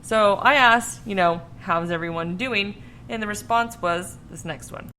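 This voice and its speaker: A woman's voice: medium pitch, unhurried, sharp tone, slight background noise. A woman hosting a podcast in casual chat, laughing often and swearing freely. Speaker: podcast host.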